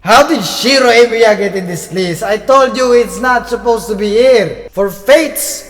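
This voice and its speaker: High-voiced man hyping mock anime awards. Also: measured pace. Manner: hyped, theatrical, with sudden shouts and mutters. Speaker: anime reviewer. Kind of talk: mock award-show announcing. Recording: long reverb with music underneath.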